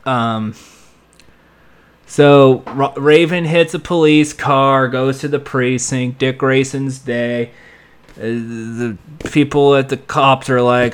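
A man's voice: mid-range voice, takes it slowly, clean tone. A man rambling through a casual recap of a TV episode, acting out lines as he goes. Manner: rambling, animated, acts out lines. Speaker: TV episode reviewer.

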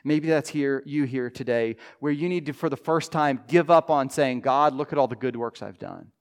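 A man preaching a sermon to his congregation, earnest, dropping to a soft hush when he voices quoted prayers. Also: mid-range voice, normal speed. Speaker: pastor.

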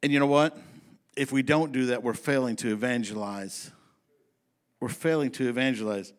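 This is a man preaching to his congregation, his medium-pitched voice clean in tone. He takes a folksy, emphatic approach, reading scripture slowly and rushing through asides.

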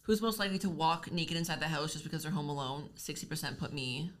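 A woman's voice: deep voice, expressive, quick pace. A young woman in her twenties co-hosting a casual podcast, blunt and swearing freely as she tells stories. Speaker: podcast co-host. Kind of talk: casual chat.

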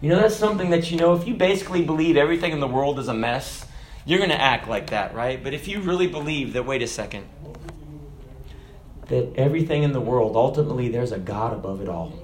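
A man preaching a sermon, telling jokes and stories, with sudden shouted lines. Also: medium pitch, expressive, quick pace, a little hiss or hum. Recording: echoey room.

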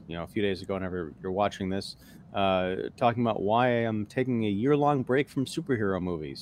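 Wry low-voiced man joking around. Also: a little hiss or hum. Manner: wry, joking, quick asides. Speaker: guest film critic. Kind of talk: casual live-stream chat.

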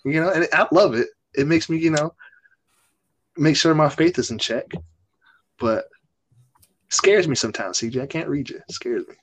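A man hosting a casual podcast chat, animated and teasing his co-host. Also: on the high side, moderate pace, long pauses.

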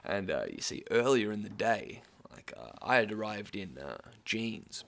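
A man's voice: on the low side, animated, creaky. A young man with an Australian accent telling a casual story, swearing often and laughing now and then. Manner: laid-back, swears often, quick laughing asides.

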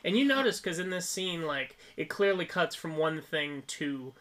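Podcast co-host, male, fairly high and bright, animated, laughing storyteller. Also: normal speed. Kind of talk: casual film review chat.

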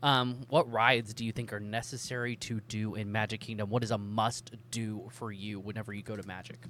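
A man's voice: on the low side, little pitch movement, fairly quick, a bit bright, a little hiss or hum. A man hosting a casual podcast chat. He rambles along with plenty of ums. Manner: chatty, rambling, many ums. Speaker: podcast host.

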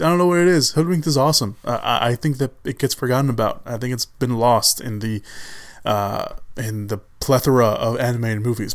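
A man's voice: mid-range voice, a little fast, dry recording, studio quality. A man hosting a solo film podcast in casual chat, rambling with restarts and fillers, laughing now and then as he enthuses. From Chicago area, USA. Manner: enthusiastic about films, laughs often. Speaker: podcast host.

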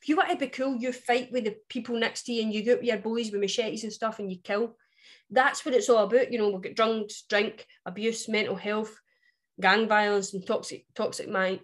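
A woman's voice: on the high side, brisk. A woman with a West Coast Scottish accent, co-hosting a podcast in casual chat, emphatic and blunt, swearing freely. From West Coast of Scotland. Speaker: podcast co-host.

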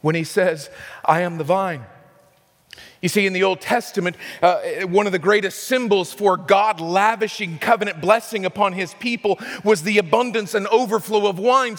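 Man preaching in a reverberant hall. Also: moderate pace. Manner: impassioned preaching with big swings in pitch and loudness. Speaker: pastor. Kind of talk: sermon.

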